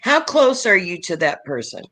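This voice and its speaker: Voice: mid-range voice, sing-song, moderate pace, pushed and bright. A co-host on a live online chat, chatting casually and reading out viewer comments. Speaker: co-host of a reselling live show.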